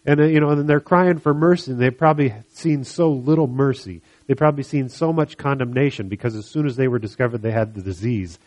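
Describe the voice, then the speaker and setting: Man, preacher, sermon, animated storytelling, mid pitch, acts out characters. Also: fairly quick. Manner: animated storytelling, acting out voices of the people he describes. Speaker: pastor.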